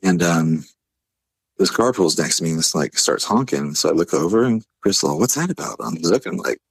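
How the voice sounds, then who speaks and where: A man telling a story casually, laid-back, full of fillers, acting out quotes in a higher voice. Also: moderate pace, husky, dry recording. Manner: animated, acts out quotes in a higher voice. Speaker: podcast guest.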